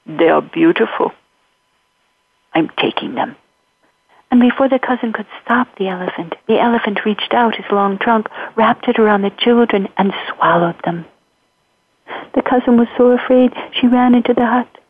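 A woman storyteller telling a folktale in a rhythmic, repetitive way, with a husky voice. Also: a little high, normal speed. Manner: rhythmic, repetitive, sings short refrains. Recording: tinny phone-like recording.

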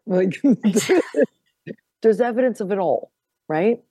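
A woman guest on a podcast telling a personal story in casual conversation. She is animated, laughs often and repeats words as she goes. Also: medium pitch, measured pace, slightly rough, no echo, clean studio sound.

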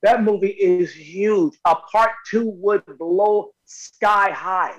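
A middle-aged actor telling stories in an interview, emphatic and excitable, with loud bursts when he acts out moments. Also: high-pitched, slow pace, muffled recording. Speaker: actor guest. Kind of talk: animated storytelling interview.

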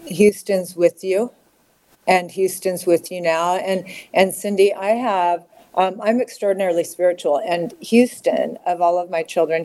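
A middle-aged woman speaking candidly as an interview guest, halting and repeating words as she talks. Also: mid-range voice, darkish tone, poor audio. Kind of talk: emotional personal interview.

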